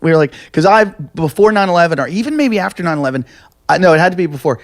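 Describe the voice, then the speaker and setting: A man's voice: a little high, rapid-fire. A man hosting a podcast who tells stories in a casual, comedic way, acting out the dialogue and swearing freely. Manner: animated, acts out quoted dialogue, swears freely.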